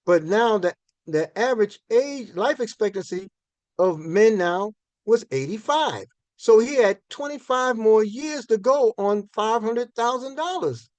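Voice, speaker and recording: High-voiced older man telling folksy stories. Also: animated, measured pace, a little mellow, no echo. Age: 60s. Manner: folksy and conversational, repeats and restarts words. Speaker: minister giving a finance talk. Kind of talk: storytelling lecture to an audience.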